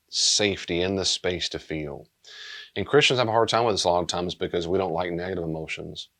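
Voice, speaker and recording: A man's voice: low voice, a bit bright. A man speaking as a pastor, giving a conversational, blunt talk on pastoral care and acting out short bits of dialogue.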